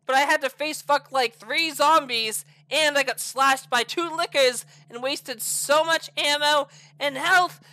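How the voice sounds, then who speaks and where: A woman doing let's-play commentary on a horror game, excitable and profane, swinging between groans and shrieks. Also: high-pitched, unhurried, few pauses, dry recording. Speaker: game streamer.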